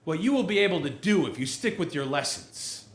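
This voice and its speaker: A man on stage voicing a calm, solemn male karate instructor who lectures gravely, in a live comedy room. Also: on the high side, fairly quick, roomy sound, pitched above the performer's own voice. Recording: live room with loud audience laughter.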